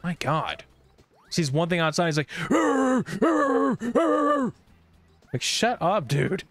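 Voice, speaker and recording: A man's voice: fairly high pitch, expressive, normal speed, fairly bright tone, no room sound, soft background music. A man streaming a video game, grumbling and swearing in a rambling, irritable running commentary. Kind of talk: casual gameplay streaming commentary.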